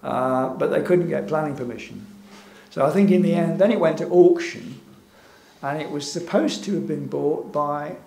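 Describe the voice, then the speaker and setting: An invited man gives an informal slide talk in a gallery event room, his somewhat high voice gravelly and a little mellow at a moderate pace. He says "um" a lot, hesitates, and chuckles wryly. Echo fills the room, and a faint hum sits underneath.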